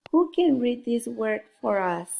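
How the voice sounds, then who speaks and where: A woman teaching a phonics lesson to young children, sounding out letters one at a time in a slow, deliberate way. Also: on the high side, very animated, gravelly, mellow, roomy sound.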